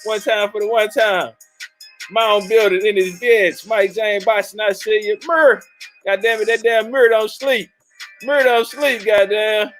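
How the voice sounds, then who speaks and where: A man hosting a casual livestream, loudly and profanely shouting out viewers and joking with his chat. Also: sits high, steady tone, unhurried, faint music behind, rough recording. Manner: loud, profane, hyped-up banter with chat. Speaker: livestream host.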